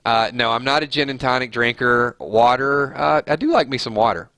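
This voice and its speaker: A man's voice: mid-range voice, lively intonation, normal speed, bright, forceful tone, no room sound. A man with a nasal voice hosting a live stream, chatting casually and reading viewer comments aloud with easy laughs.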